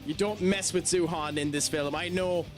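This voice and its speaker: A man's voice: fairly high pitch, fairly even intonation, moderate pace. An Irish man streaming a video game, chatting with viewers, laughing often and swearing as he reacts. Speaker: gaming streamer. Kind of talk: live gameplay commentary chatting with viewers. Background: game music.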